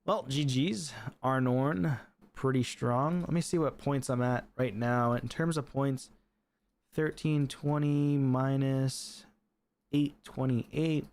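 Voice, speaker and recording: A man commentating his own live game stream, chatty and excitable, laughing often and talking to his viewers. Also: mid-range voice, takes it slowly.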